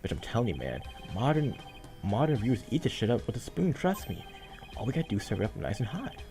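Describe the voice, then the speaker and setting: A man's voice: on the low side, very animated, quick pace, dark tone, faint music behind. A man voicing a brash, pushy TV producer in a video game dub, talking in slang like a salesman. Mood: boastful.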